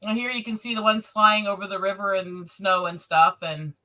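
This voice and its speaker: A woman's voice: mid-range voice, fairly even intonation, moderate pace, sharp tone. A woman streaming casually to her viewers, gushing and emotional as she talks, laughing often. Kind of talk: casual live-stream chat.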